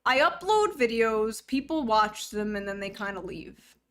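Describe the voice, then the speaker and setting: A woman's voice: fairly high pitch, animated, measured pace, a bit bright. A young woman streamer chatting casually to her viewers, joking, rambling and poking fun at herself. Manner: joking, rambling, self-mocking. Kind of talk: casual live-stream chat.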